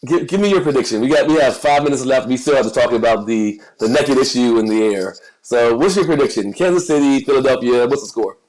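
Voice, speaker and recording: A US podcast co-host chats casually about football and celebrity news, often repeating words while he searches for what to say. His mid-range, darkish voice moves a little fast with few pauses. The recording is low quality.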